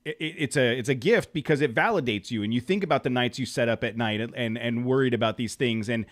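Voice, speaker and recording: Brief: man podcast host, mid pitch, sincere and halting. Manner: earnest, stumbling restarts. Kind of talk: casual interview chat.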